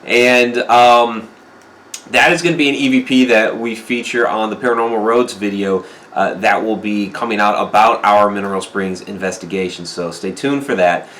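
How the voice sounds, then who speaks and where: A man's voice: lowish voice, fairly even intonation, moderate pace, a bit bright, slight background noise. A man hosting a paranormal livestream talk show, speaking casually with filler words. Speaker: host.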